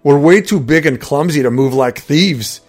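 Guy doing a gruff nord warrior, loud and snappy, bit of music behind. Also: normal speed, natural voice. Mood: brisk. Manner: barks his lines louder and higher than the narration. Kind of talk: audiobook character voice.

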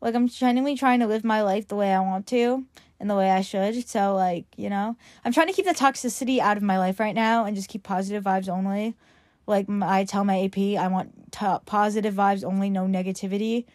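A woman's voice: medium pitch, steady tone, brisk, a little mellow, no room sound, clean studio sound. A teenage girl from Long Island hosts her podcast in a rambling casual chat, filling her sentences with "like". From Long Island, New York. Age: teens. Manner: rambling, fillers of "like" throughout. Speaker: podcast host.

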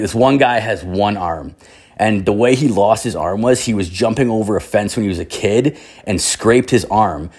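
A man's voice: fairly low pitch, darkish tone, breathy edge. A young man from Canada, telling a rambling, profane story in casual chat, full of filler words.

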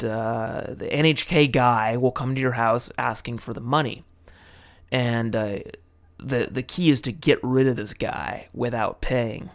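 Rambling, irreverent man giving tips. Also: mid-range voice. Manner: rambling, filler-heavy and irreverent, with mild swearing. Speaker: vlogger giving language tips. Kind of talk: casual tongue-in-cheek tutorial.

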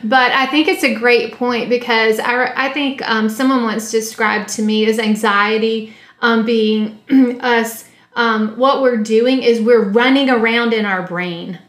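A woman's voice: fairly high pitch, fairly even intonation, a little slow, few pauses, fairly bright tone. A woman co-hosting a faith podcast, explaining ideas thoughtfully and step by step. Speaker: podcast co-host. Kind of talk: teaching-style discussion. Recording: roomy echo.

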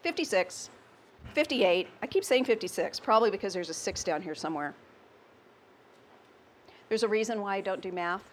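A woman with a medium-pitched, animated voice preaches a sermon slowly and emphatically. Her style is conversational, and she often turns questions on the congregation. There's a little hiss or hum on the recording.

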